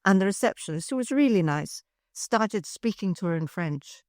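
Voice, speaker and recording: A woman's voice: mid-range voice, animated, normal speed, a little mellow, no echo, clean studio sound. An older woman from Scotland with a Scottish accent, chatting as a podcast guest. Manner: chatty, with frequent restarts. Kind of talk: casual chat.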